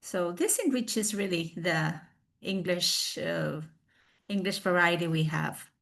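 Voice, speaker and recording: A woman presenting a recorded online class on a video call, explaining slowly with fillers and restarts. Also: lowish voice, creaky, fairly bright tone.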